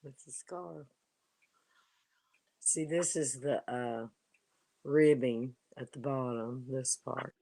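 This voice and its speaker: A woman chatting casually while crocheting on a live stream, relaxed and self-deprecating. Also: rumbling low, takes it slowly, pauses often, no room sound. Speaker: crafter co-host.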